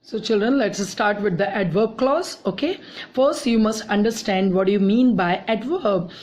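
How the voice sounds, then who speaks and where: A woman's voice: medium pitch, moderate pace, darkish tone, slight background noise. A woman with an Indian English accent teaching a grammar lesson, repeating each example sentence and saying "okay" often.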